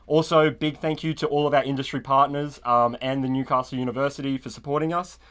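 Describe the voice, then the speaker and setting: Australian student guy, mid-pitch, friendly and polite interviewee. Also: fairly even intonation, quick pace, fairly bright tone. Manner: upbeat and polite, laughs lightly. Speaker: student rocket team member. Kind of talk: casual interview answers.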